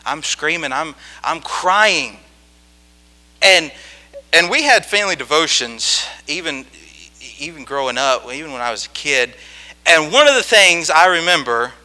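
Male preacher, high voice, very lively pitch, sharp bright tone, folksy storytelling, keeps asking "okay?". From rural farm upbringing. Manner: animated, folksy, checks in with "okay?". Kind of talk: sermon storytelling.

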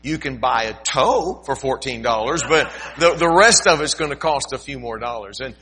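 A man's voice: medium pitch, animated, moderate pace, bright, forceful tone, rough recording. An older man preaching a sermon, telling a story in a folksy way with asides and emphatic rises. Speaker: pastor.

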